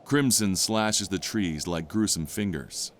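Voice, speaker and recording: A man narrating an audio drama in a measured, descriptive way. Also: low-pitched, slight background noise.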